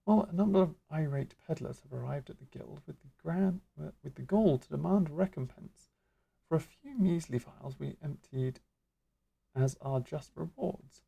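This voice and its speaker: Lady doing a pompous old-style mage mentor, slow and grand, gravelly dark voice, kinda husky. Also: low voice, lo-fi sound, full character voice. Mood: grandiose. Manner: florid, archaic, lecturing delivery. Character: grandly theatrical magic guild master mentor.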